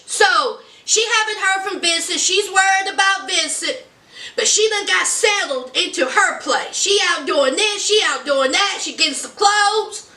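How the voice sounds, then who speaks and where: A woman's voice: very high voice, sharp tone. Sassy, chatty recap vlogger woman. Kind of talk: casual recap commentary. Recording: echoey room, mic at a distance.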